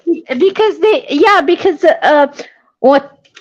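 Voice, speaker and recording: A woman's voice: very high voice, animated, takes it slowly, lo-fi sound. A woman from Brazil with a light Brazilian Portuguese accent and Portuguese as her first language, chatting casually and telling stories with laughs between remarks. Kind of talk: casual chat.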